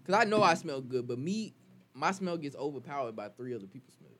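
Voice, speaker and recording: A man in casual podcast chat, telling quick stories and jokes to his friends. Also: on the high side, expressive, a bit bright. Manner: fast, storytelling, joking.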